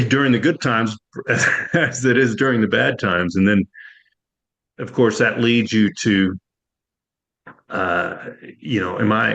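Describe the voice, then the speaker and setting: A man who owns a business, answering reflectively with halting, thoughtful pauses. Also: lowish voice, vocal fry, a bit bright, husky, rough recording. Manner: thoughtful, halting, searching for words. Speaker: business-owner guest. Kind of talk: reflective conversation.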